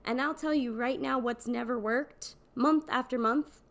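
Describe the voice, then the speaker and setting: A young woman with a slightly high, gravelly voice hosts her own comedy podcast. She tells stories with wry sarcasm and bursts into sudden loud exclamations. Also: measured pace. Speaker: podcast host. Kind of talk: comedic monologue.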